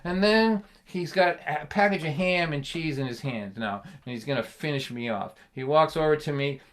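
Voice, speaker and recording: Man, middle-aged, folk storyteller, animated, laughs often. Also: a little high, moderate pace. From Lynn, Massachusetts. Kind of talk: comic storytelling on a livestream.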